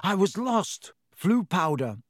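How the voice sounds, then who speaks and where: A man's voice: high-pitched, very animated, takes it slowly, dry recording, clean studio sound, voice pushed up, exaggerated voice. A man voicing a nervous, earnest young schoolboy wizard in a storybook reading. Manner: jumpy, earnest.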